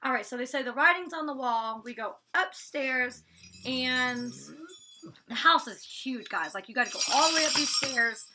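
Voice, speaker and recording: Recapping a reality show she was on, this woman speaks at a moderate pace in a high, expressive voice against a noisy background. She's chatty, peppering her talk with "like" and restarts, and turns to address her dog partway through.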